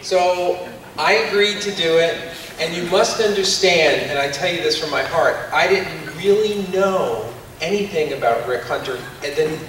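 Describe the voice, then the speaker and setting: Voice actor on a panel, animated storyteller, distant mic in an echoey hall. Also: male voice, a little high, moderate pace. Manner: animated, laughing anecdotes. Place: large convention hall. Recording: echoey hall from far off, faint noise.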